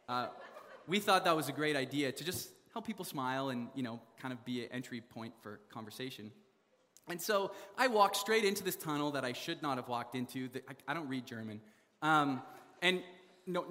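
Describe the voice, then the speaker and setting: A young man from Canada telling a funny story in a sermon, animated, laughing often and full of fillers. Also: mid-range voice, big-room sound. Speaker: preacher.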